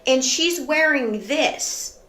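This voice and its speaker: A woman's voice: high-pitched, takes it slowly, bright, forceful tone. A woman commentator narrating and criticizing a streamer's behavior in a matter-of-fact way.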